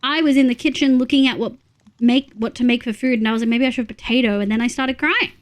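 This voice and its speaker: A woman's voice: fairly high pitch, quick pace. A woman with an Australian accent, chatting casually and giggling as she talks to her live-stream viewers, swearing freely.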